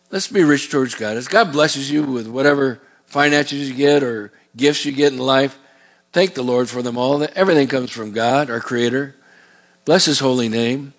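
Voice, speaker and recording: A middle-aged male pastor preaching a sermon in a folksy, rambling way, with asides and repeated words. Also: medium pitch.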